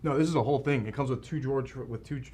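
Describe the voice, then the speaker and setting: A man chatting on a livestream, teasing his co-host in a relaxed way. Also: medium pitch, husky. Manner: quick, teasing. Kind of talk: casual livestream chat.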